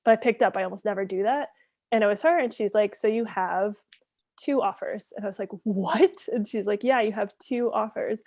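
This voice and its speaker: A woman in her thirties, a guest author telling a story in a casual podcast chat, animated and full of "like". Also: medium pitch, brisk, no room sound. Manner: animated storytelling, says "like" a lot.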